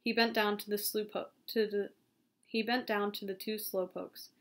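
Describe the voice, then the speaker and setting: A woman reading a novel aloud, steady and calm, now and then stumbling and restarting a phrase. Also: medium pitch, normal speed. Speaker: audiobook reader.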